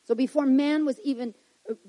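A woman preaching a sermon, reading scripture and building to loud emphatic declarations before dropping to quiet asides. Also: high voice, fairly even intonation, fairly quick, poor audio.

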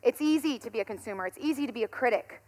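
A woman in her thirties, a pastor giving a conversational sermon, telling stories in an animated way and laughing often. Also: on the high side, rapid-fire.

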